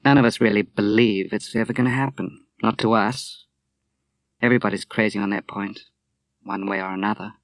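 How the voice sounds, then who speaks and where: A man's voice: fairly low pitch, steady tone, fairly quick, no echo, studio quality, natural voice. A man voicing a bold, outspoken young Australian woman in a storybook reading, with a teasing, blunt manner. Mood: brash.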